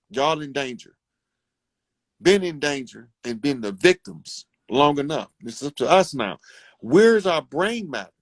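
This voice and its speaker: A man holds forth in a loose, preachy monologue, addressing his community directly and swearing freely. His voice sits somewhat high for a man. The sound is close and dry, with no room echo. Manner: profane, fervent, preaching to listeners.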